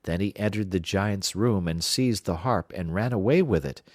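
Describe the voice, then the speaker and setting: Deep-voiced man narrating a fairy tale. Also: no echo, clean studio sound. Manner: even, measured storytelling.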